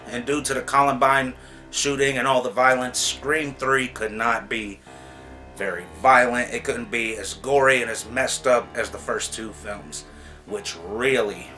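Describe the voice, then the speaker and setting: Chatty exasperated man with a bright voice. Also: medium pitch. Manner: frank, exasperated, chatty with repeated "you know what I'm saying". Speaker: movie reviewer, channel host. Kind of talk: casual movie review vlog.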